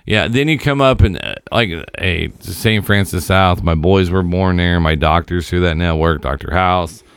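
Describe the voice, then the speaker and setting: A man in his forties in casual chat, talking haltingly and trailing off and restarting. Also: sits low, clean tone, no echo, clean studio sound. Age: 40s. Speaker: friend, recent hospital patient.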